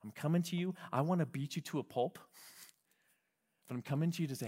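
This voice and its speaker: A man preaching a sermon as pastor, lively, acting out quoted voices and dropping to soft whispers. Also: fairly high pitch, fast talker, pauses often, breathy edge. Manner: animated, acts out quoted voices and drops to whispers. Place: California.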